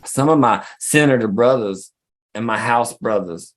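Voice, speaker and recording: Low-voiced man joking crudely on a podcast. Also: a little fast. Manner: crude joking, drawling asides. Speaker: podcast co-host. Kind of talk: comedic rambling chat.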